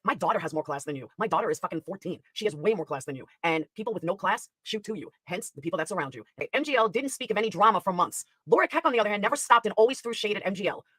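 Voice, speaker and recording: A woman's voice: medium pitch, fairly bright tone, husky, no echo. A woman streamer ranting angrily and profanely while reacting to a clip. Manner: profane, heated, rapid-fire. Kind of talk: angry ranting commentary.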